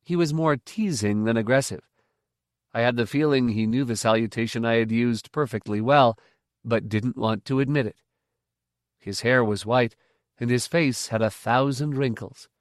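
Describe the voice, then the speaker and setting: Measured male audiobook narrator, dry sound. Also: medium pitch, no room sound. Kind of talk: first-person novel narration.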